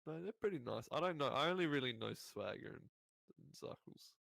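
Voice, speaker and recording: Gravelly, lively laid-back podcast guest. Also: male voice, fairly high pitch, fairly quick, slight background noise. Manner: laid-back, swears casually. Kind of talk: casual chat.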